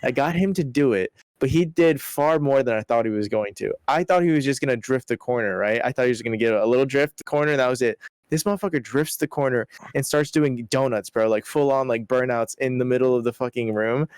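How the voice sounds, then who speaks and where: A young man co-hosting a podcast, telling a story in casual, animated, profane chat full of "bro" and "like". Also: medium pitch, a little fast, clean tone, dry recording, studio quality. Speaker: podcast co-host.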